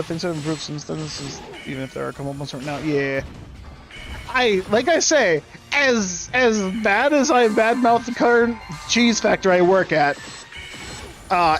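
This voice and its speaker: A man's voice: high voice, expressive, measured pace, a bit bright, faint music behind. A young man streaming a game, ranting casually in a sarcastic, profane, rambling way. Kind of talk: casual rant while gaming.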